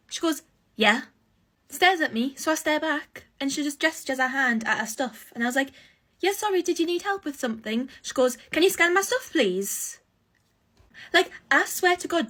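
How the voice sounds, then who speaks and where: A woman's voice: high-pitched, a bit bright. A young woman tells a casual storytime rant, sarcastic and exasperated, acting out both sides of the exchange.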